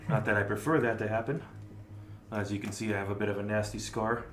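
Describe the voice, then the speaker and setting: A man's voice: lowish voice, steady tone, quick pace, fairly bright tone. A man playing a tabletop role-playing game, talking wryly in character. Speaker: player. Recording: roomy echo with faint music.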